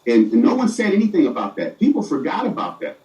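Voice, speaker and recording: A man's voice: fairly high pitch, huge pitch swings, fast, a little mellow, lo-fi sound. A middle-aged man, a city mayor, answering interview questions earnestly and often stumbling over and repeating his words, recorded far from the mic in an echoey room.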